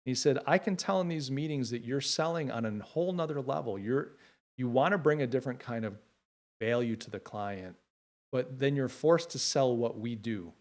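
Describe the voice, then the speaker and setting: On a casual home livestream, a middle-aged man speaks directly to his viewers in an ordinary mid-pitched voice. His speech is expressive, heartfelt, and halting, full of small fillers.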